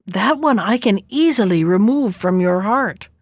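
A woman's voice: medium pitch, lively intonation, unhurried, no room sound. Woman reader as an eager young storybook hunter; earnest, plain, dry recording. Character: lovestruck young male hunter, eager and generous.

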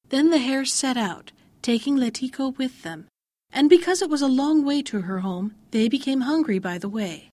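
A woman storyteller reading a fairy tale aloud in a calm, measured way. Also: sits high, dry recording.

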